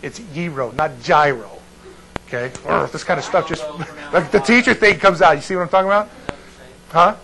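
A man's voice: on the high side, expressive, a little fast, creaky, bright, forceful tone, poor audio. A man teaching a Bible class, digressing and breaking off mid-sentence while checking in with his students.

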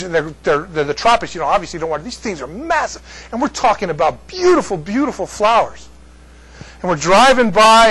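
A man's voice: sits high, a bit bright, low-quality recording. A man teaching a Bible study class in a casual, chatty way, joking with the students between points. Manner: chatty, jokey asides to the class.

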